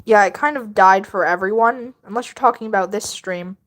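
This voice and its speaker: A woman's voice: mid-range voice, a little fast, fairly bright tone. A woman livestreaming while she draws, chatting casually and rambling to her viewers, often laughing.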